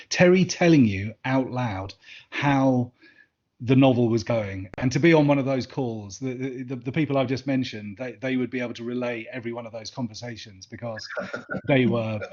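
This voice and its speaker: A man's voice: medium pitch, a little mellow. An Englishman talks through his answers in a loose, rambling way, stumbling over words and circling back to restart. The sound is dull and muffled, as over a video call. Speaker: interview guest, former assistant. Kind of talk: casual interview answers.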